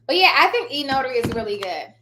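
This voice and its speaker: A woman with a bright, fairly high voice chats casually on a live stream as a trainer. She rambles, loses her thread and laughs often. Her voice rings in a roomy, echoey office. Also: very animated, fast, a little hiss or hum. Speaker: online notary trainer and host. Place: home office.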